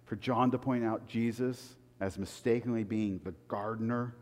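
A man preaching a sermon in a lively, conversational way. He swings between loud, emphatic peaks and hushed, low asides, and often repeats words. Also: normal speed. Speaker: pastor. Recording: long hall reverb.

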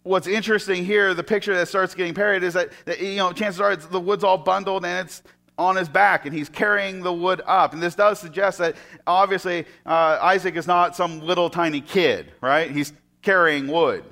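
A male preacher with a fairly high voice who tells a scripture story in a sermon. He draws listeners in, and his voice often sinks to a soft hush. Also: fairly even intonation, normal speed. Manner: storytelling, often drops to soft, hushed tones.

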